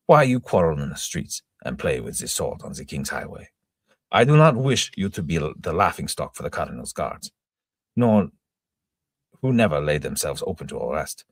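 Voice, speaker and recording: A man's voice: rumbling low, husky, dry recording, clean studio sound, full character voice. A man voicing a stern, commanding middle-aged male captain, speaking raised and emphatic.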